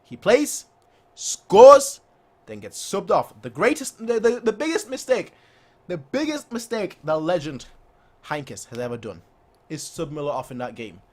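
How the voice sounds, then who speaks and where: A young man hosting a fan channel, chatting excitedly after a match, boastful and repeating himself for effect. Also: on the high side, unhurried. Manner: animated, boastful, repeats phrases, acts out players' voices.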